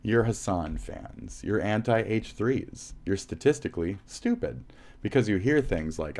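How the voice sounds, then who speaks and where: Deep-voiced angry American man ranting. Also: very animated, unhurried, darkish tone. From United States. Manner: heated, profane, insulting chat. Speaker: livestream host. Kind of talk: angry livestream rant.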